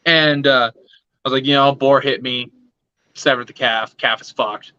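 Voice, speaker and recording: Man, open mic storyteller, swearing, rambling, bright tense voice, dull dry lo-fi sound. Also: medium pitch, fairly even intonation, unhurried, clean tone. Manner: rambling, swearing, with many fillers; acts out the other people's lines. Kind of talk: profane comic storytelling.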